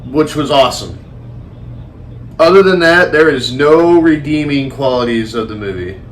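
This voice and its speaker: Male co-host, casual film chat, mid-pitched, rambling and animated, light background noise. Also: normal speed. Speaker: podcast co-host. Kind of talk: casual movie review chat.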